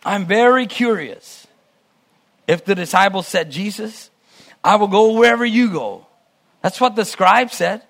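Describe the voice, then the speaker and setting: Man preaching a sermon, very high voice, reads scripture then muses with restarts. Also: unhurried, gravelly, a bit bright. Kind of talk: sermon Bible teaching.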